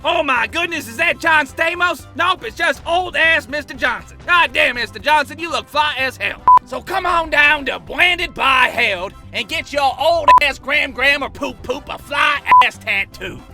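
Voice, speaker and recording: A man voicing a drunk, brash male tattoo shop owner pitching deals in a parody TV commercial, with a gravelly voice and shouted bursts. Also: lively intonation, unhurried, few pauses, full character voice. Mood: boastful. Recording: music in background.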